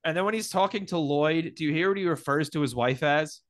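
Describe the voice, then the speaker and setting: A man's voice: fairly high pitch, brisk. A man co-hosting a podcast, chatty and picking at small movie details. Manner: chatty, nitpicky about details, laughs easily. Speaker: podcast co-host. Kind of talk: casual movie-recap chat.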